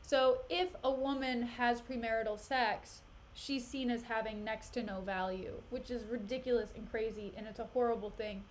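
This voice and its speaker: A woman streamer casually retelling a play in a chatty, animated way. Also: a little high, normal speed, a little hiss or hum. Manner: animated, chatty, laughs often.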